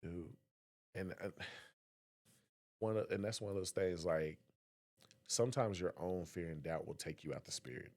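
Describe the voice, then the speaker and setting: A young man co-hosting a podcast, telling stories in a casual, animated way and acting out voices. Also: low-pitched, measured pace, long pauses. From Southern West Virginia. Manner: animated storyteller, acts out voices. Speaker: podcast co-host. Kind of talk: casual conversation.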